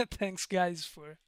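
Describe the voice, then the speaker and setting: A man's voice: sits high, no echo, studio quality. A man with an Italian accent chatting casually on a live stream, rambling, digressing and laughing often. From Italy.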